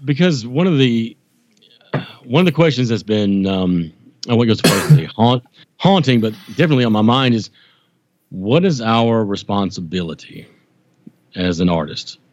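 A man poet telling stories as a guest, animated and self-deprecating, with many restarts. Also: lowish voice, normal speed, pauses often, dry recording, highs cut off. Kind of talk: casual chat.

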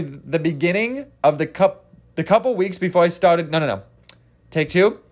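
A young man from Kansas hosting a podcast alone, talking in a casual, profane, rambling way and often correcting himself mid-sentence. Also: fairly high pitch. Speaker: podcast host. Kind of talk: casual solo podcast rant.

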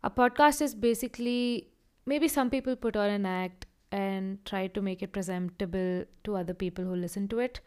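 A young woman hosting a solo podcast, chatting casually and rambling from one tangent to the next, now and then acting out quotes with lively voices. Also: mid-range voice, normal speed, clean tone. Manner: slips into animated acted-out quotes. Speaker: podcast host.

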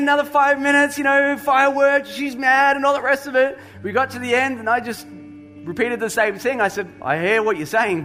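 A man's voice: fairly high pitch, fairly bright tone. A middle-aged man preaching a sermon, telling stories with dry humor and building to emphatic points. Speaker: pastor.

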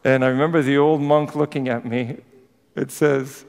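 A man's voice: medium pitch, fairly even intonation, normal speed, gravelly, darkish tone. A man, an Orthodox priest, preaching a sermon with chatty storytelling and humorous asides. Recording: long church reverb.

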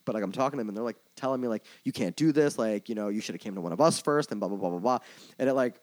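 A man's voice: lowish voice, racing, a little mellow. A man guesting on a podcast about his work in music merchandising and touring, telling a story in a casual, rambling way, full of "like" and swearing, candid and openly emotional. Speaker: tour manager and merch coordinator guest.

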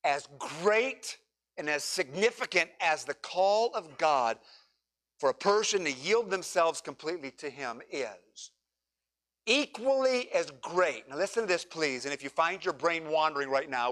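A man preaching a sermon, leading his congregation through scripture with dramatic pauses and emphatic repetition. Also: a little high. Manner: preaching with dramatic pauses, rising to near shouts. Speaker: pastor.

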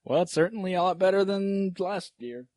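A man's voice: sits high, normal speed, darkish tone, no echo. A man co-hosting a casual podcast chat with dry wisecracks. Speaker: podcast co-host.

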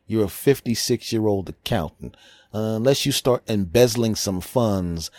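A middle-aged male podcast host with a low voice rants in a brash, mocking comedic style. He jabs at his listeners bluntly. The recording is dry and close to the mic. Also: darkish tone, dry recording. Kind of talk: comedic rant.

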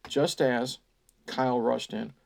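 A man's voice: mid-range voice, fairly even intonation, takes it slowly, gravelly. Sarcastic man reading a story aloud. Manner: sarcastic asides, sighing, swearing. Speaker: podcast host reading a book aloud.

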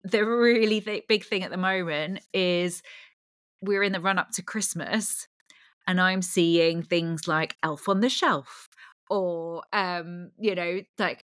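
Chatty woman, low voice. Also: takes it slowly, fairly bright tone, no echo, studio quality. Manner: chatty, laughs often, fills with "like". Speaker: podcast host. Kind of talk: casual chat.

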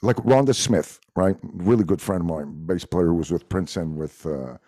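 A middle-aged man with a Montreal accent whose first language is French, talking in a casual chat, animated and swearing freely. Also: sits low, normal speed. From Montreal, Quebec. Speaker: guest musician.

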